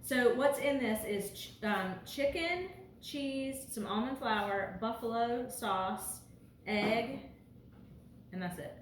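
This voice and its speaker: A woman's voice: on the high side, takes it slowly, echoey room, slight background noise. A woman hosting a casual cooking show from her home kitchen, chatty and laughing often. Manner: chatty, laughs often, talks with mouth full. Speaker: host.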